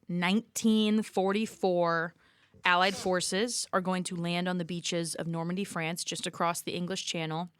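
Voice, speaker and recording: A woman teaching history in an easygoing, chatty manner, her voice smooth and clear and sitting a little low. The sound is dry and close, with no room around it. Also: no room sound. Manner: relaxed explaining, casual contractions. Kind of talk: conversational history lesson.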